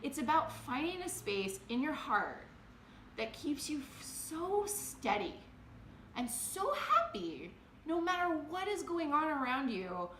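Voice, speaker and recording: Bright, emphatic woman in her thirties. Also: sits high, slight background noise. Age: 30s. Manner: emphatic, swings between fast excitement and slow hushed emphasis. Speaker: podcast host. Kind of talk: motivational monologue. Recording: roomy echo.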